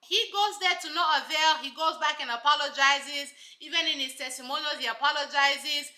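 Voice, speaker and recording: A woman's voice: sits high, a little fast, few pauses, bright, forceful tone, reverberant. A woman giving casual, sassy commentary on a reality show, emphatic and full of rhetorical asides.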